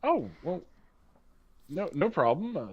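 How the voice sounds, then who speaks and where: A man's voice: high-pitched, sing-song, slow pace, dull audio, noisy background, pitched above the performer's own voice, full character voice. A man voicing a timid young male artist who stammers nervously.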